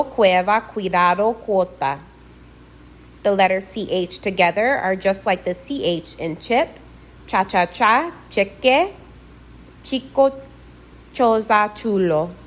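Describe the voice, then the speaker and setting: Woman, scripted language lesson read aloud, deliberate and clear, models each sound slowly. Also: medium pitch. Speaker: language teacher.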